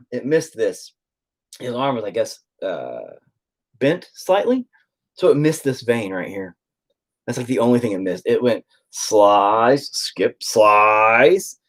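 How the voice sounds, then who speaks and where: A man's voice: mid-range voice, big pitch swings, slow pace, a bit bright. A man hosting a casual stream, telling a story to viewers in a rambling way and swearing freely. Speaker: stream host chatting with viewers.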